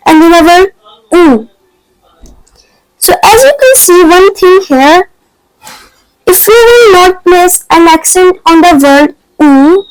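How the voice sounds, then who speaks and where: A woman's voice: very high-pitched, no echo, low-quality recording. A woman teaching an online French lesson, explaining patiently step by step in non-native English phrasing.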